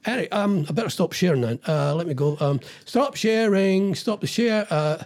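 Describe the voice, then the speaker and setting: Animated high-voiced man. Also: noisy background. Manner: chatty, halting with many fillers. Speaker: co-host. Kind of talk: casual chat with quiz games.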